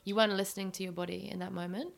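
Fast-talking woman with a gravelly voice. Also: medium pitch, steady tone, slight background noise. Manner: earnest, teaching tone, many fillers. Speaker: women's workshop facilitator, guest. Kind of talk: explanatory conversation.

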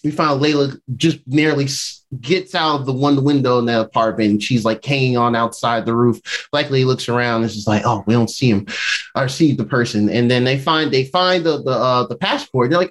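Talking a little fast with lively intonation and a voice on the high side, the podcast host wanders casually through his episode recap. He voices the characters' lines, leans on fillers, and laughs often.

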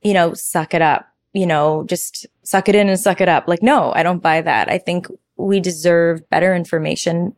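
A woman, a pilates teacher telling stories as a guest in a casual podcast interview, animated and chatty with many fillers. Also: fairly low pitch, normal speed, hardly any pauses, no echo. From Toronto, Canada.

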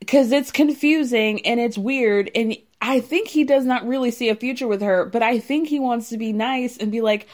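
A woman chatting through a reality show recap, voice sitting a bit high. She talks animatedly, breaking into laughter and acting out what people said. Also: normal speed, hardly any pauses. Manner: animated, laughs often, acts out quotes. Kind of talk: casual chat recapping a show.

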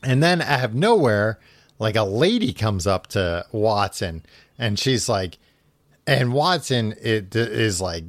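A man's voice: lowish voice, animated, measured pace, no echo. A man hosting a podcast, casually retelling a story in a loose, rambling way full of asides. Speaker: podcast host retelling a book. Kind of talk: casual chat, paraphrasing the story.

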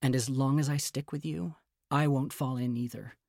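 A man reading the part of a fragile, anxious young woman in a storybook reading, earnest and quietly pleading. The voice has a gravelly, fry-edged grain at a middling pitch. The sound is dry and close, with no room around it. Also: steady tone, moderate pace, no echo, lightly acted. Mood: reassuring. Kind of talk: audiobook character reading.

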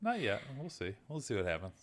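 A man co-hosting a casual podcast conversation. His voice swings lively up and down in pitch, and he slips in wry, jokey asides. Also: a little fast. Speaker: podcast co-host. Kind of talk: casual chat.

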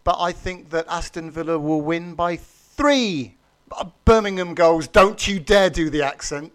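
A man on a football podcast panel, full of teasing banter and animated jabs at the host. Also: on the high side, measured pace. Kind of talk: casual football podcast chat.

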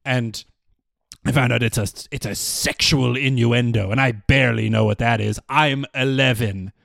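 Man voicing a bewildered eleven-year-old boy, stand-up comic, stammering, flustered, raised pitch, dry close sound. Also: steady tone, moderate pace, gravelly, fairly bright tone, dry recording. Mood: indignant.

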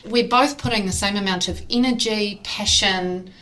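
A woman's voice: mid-range voice, moderate pace, a bit bright, rough recording. Earnest New Zealand businesswoman. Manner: earnest, chiming in over her partner. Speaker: recruitment business co-owner, guest. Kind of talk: casual interview chat.

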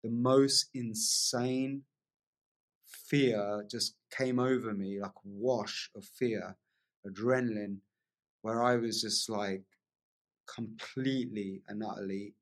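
Excitable man telling a wild story. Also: fairly low pitch, takes it slowly. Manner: vivid, excitable storyteller, laughs often, many "like" fillers. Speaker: podcast guest. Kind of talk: storytelling in casual conversation.

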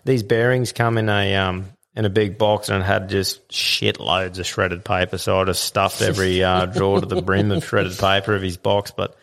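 A man's voice: low-pitched, little pitch movement, moderate pace, vocal fry, few pauses, a bit bright. A young man hosting a casual podcast chat, laid-back and swearing freely, often breaking into laughter. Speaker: podcast host.

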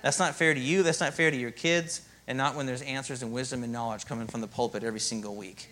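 A man preaching a sermon as pastor, in a lively, conversational way and often asking "Amen?". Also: medium pitch, fast talker.

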